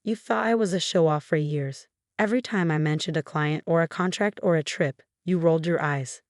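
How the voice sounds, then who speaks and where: A woman in her thirties reading a first-person family story aloud, voicing every part in the same steady, even way. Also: deep voice, moderate pace, no room sound, studio quality. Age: 30s. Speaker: narrator. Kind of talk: scripted story narration.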